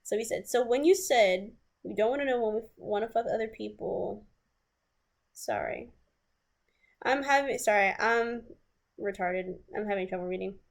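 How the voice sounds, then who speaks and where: A woman's voice: mid-range voice, normal speed, creaky. A woman telling a storytime vlog in a casual, rambling way, reading old messages aloud with restarts and blunt asides. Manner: blunt and casual, swears freely. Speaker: vlogger.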